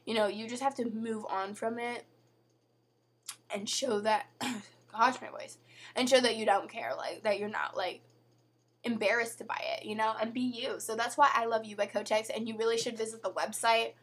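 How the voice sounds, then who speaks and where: Young woman, teen vlogger, fairly high voice, husky and hoarse, chatty casual talk to camera. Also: steady tone, moderate pace, a bit bright. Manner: chatty, lots of "like" and "you know". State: voice going hoarse.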